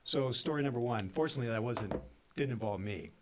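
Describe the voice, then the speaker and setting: A man's voice: quick pace, a little hiss or hum. A man casually telling funny work stories on a podcast, acting out what people said. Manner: animated, acts out quotes with big pitch jumps and laughs. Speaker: podcast co-host, filmmaker. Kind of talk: casual storytelling chat.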